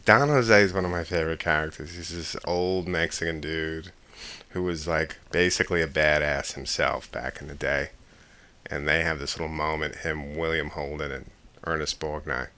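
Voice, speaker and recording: A man hosting a casual show, talking excitedly about a film, laughing and quoting lines loudly. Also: low voice, gravelly. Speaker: podcast host.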